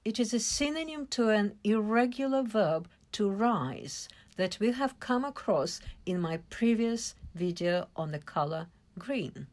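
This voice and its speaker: Woman, English teacher, slow and deliberate, lively melodic delivery. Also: mid-range voice. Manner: slow, careful explaining with stressed syllables. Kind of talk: vocabulary lesson.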